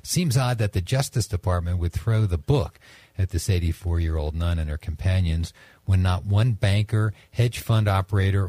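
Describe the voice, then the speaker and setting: A man's voice: deep voice, mellow, no room sound. A man hosting a radio talk show, reading news items with dry, wry commentary.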